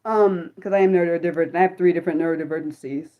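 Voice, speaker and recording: A young woman hosting an unscripted livestream, chatting excitedly with viewers and answering chat, with lots of fillers and restarts. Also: on the low side, racing, phone-quality sound. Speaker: livestream host.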